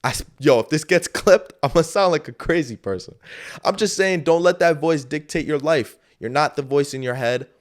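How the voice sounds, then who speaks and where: A man's voice: fairly high pitch, moderate pace. Rambling, swearing solo podcast man. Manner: loose, rambling, frequent swearing and fillers. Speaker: podcast host. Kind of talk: casual solo motivational talk. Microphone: camera setup.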